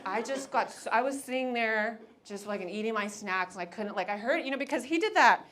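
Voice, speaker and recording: A woman in her thirties performing a stand-up comedy set, telling a story with lively acted-out voices. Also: a little high, brisk, crowd noise. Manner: animated storytelling, acts out characters.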